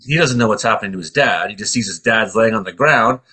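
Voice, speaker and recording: A middle-aged man from Canada, co-hosting a casual chat and telling stories in an animated way with acted-out voices. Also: lowish voice, fast talker, slightly rough. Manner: animated storyteller, acts out voices. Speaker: co-host.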